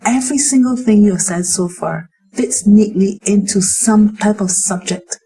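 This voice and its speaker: Husky-voiced woman hosting an interview. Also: medium pitch, normal speed, mellow, poor audio. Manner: attentive, affirming interjections. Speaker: interview host. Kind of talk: interview chat.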